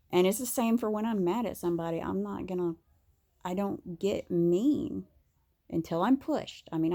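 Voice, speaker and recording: Woman vlogger, candid rambling chat, husky fry in a darker voice. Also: on the low side, mellow. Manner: candid and rambling, with many fillers and restarts. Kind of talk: casual monologue to camera.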